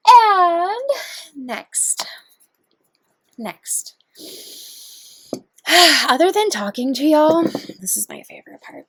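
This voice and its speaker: Slow-talking bubbly woman, close and dry. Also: very high-pitched, sing-song, dry recording. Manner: bubbly and giggly, then slow and hushed when guiding. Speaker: vlogger guiding a meditation. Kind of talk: casual vlog chat and guided meditation.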